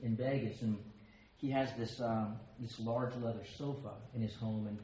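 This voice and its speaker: An American man giving a personal share at a recovery meeting, telling stories with quick asides and self-mocking humor. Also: mid-range voice, fairly even intonation, mellow, slight background noise. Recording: very echoey room with faint ambience.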